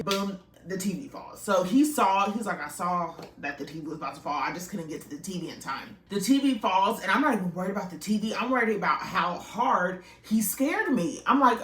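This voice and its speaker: A woman's voice: mid-range voice, expressive, normal speed, echoey room, recorded from a distance. A young woman casually telling a rambling, emotional storytime, swearing freely and acting out what people said.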